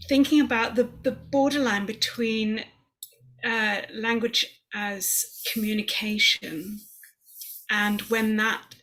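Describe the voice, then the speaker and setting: A woman with a posh southern English accent speaking in a measured, thoughtful way on a video call. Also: mid-range voice, fairly bright tone. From England. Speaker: forum participant and later speaker. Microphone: video call microphone.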